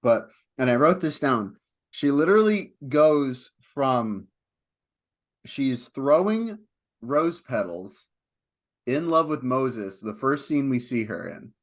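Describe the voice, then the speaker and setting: A man co-hosting a film podcast, talking casually and at length, getting animated when he retells scenes. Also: mid-range voice, slow. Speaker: podcast co-host.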